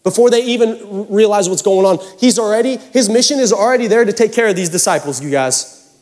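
A man's voice: high voice, a little fast, darkish tone. A man preaching a sermon, casual and joking as he talks straight to the congregation. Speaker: pastor.

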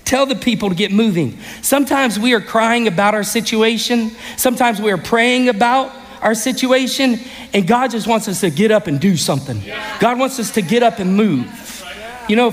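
A man preaching a sermon as pastor, telling stories with energy and breaking into sudden shouts. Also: very high voice, fairly quick. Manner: animated storytelling, bursts into shouts. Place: church sanctuary. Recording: reverberant hall.

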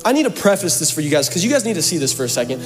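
High-voiced joking preacher in a reverberant church. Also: male voice, very fast, faint music behind. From Seattle, USA. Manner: joking, animated preaching with asides to the congregation. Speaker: pastor. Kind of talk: sermon.

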